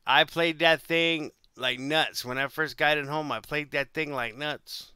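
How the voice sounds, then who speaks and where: Brief: man, 40s, casual vlog storyteller, rambling and repetitive, smooth and very bright tone, dry close sound. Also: on the high side, steady tone, measured pace, no echo. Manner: rambling, repeats himself, restarts phrases. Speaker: vlogger telling life stories.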